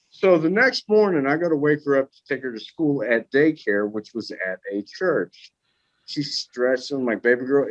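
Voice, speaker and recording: Podcast guest, male, lively swearing storyteller, dry lo-fi mic. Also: mid-range voice, no echo. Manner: profane, animated anecdote telling.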